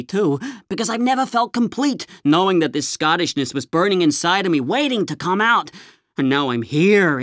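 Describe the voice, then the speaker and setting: A woman's voice: medium pitch, dry recording, studio quality, close to an everyday voice. A young woman playing a gushing, clueless tourist in a comedy sketch, chatty and full of "like". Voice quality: bubbly, chatty, filler "like".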